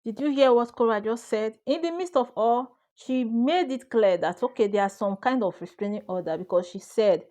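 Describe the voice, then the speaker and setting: A woman's voice: on the high side, moderate pace, hardly any pauses, mellow. A woman hosting a gossip channel, chatty and addressing viewers directly as guys. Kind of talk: gossip news narration.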